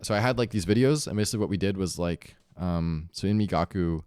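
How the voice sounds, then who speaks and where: A man's voice: low voice, fast, a little mellow, clear, resonant tone, no room sound, studio quality. A young man talking casually about learning a language, rambling with many filler words and self-corrections. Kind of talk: casual monologue vlog.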